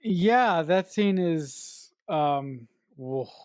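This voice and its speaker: A podcast co-host shares a reaction to a film in halting, casual speech, with many fillers, restarts and the odd curse. The voice sits at a middle pitch and is recorded close and dry. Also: animated, a little mellow, dry recording. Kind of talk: casual chat.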